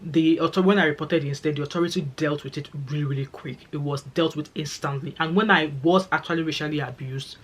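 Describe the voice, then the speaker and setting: A middle-aged woman and nurse, talking fast and chatty straight to camera in a casual vlog. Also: low-pitched. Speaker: vlogger and nurse.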